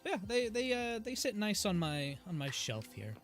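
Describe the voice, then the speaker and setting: Sitting high in pitch and very animated, an American gaming streamer speaks at normal speed. He rambles through one topic after another with his viewers, laughing freely, as faint game music plays.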